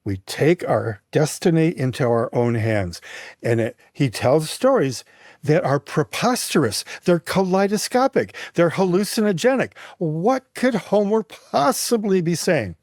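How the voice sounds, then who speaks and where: A man guesting on a talk show, retelling an ancient myth with lively expression and frequent restarts. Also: fairly high pitch, a little slow, no echo, studio quality. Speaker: guest, mythologist and writer. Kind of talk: animated storytelling in conversation.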